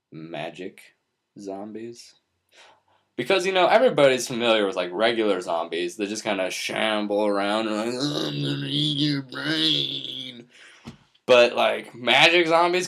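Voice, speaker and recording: A young man talks straight to the camera, rambling through his thoughts in a goofy, playful way. His voice swings up and down a lot, full of lively bursts. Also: on the low side. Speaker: vlogger. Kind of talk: unscripted monologue to camera.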